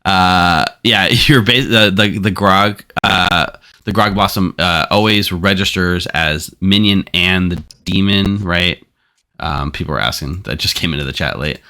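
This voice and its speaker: A man hosting a streamed game, quickly explaining its rules to players. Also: low voice, pushed and bright, clear, resonant tone. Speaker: game storyteller and stream host. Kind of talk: running a social deduction game on stream.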